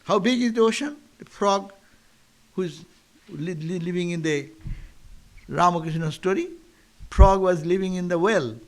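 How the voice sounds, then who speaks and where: Male monk, high voice, philosophical sermon with chant-like repetition and rhetorical questions. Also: normal speed, pauses often. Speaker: monk giving a lecture. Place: monastery lecture.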